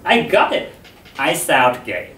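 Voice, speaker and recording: A man giving a public talk to an audience about voice, speaking in a slow, measured, expressive way. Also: on the high side. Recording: echoey hall, distant mic.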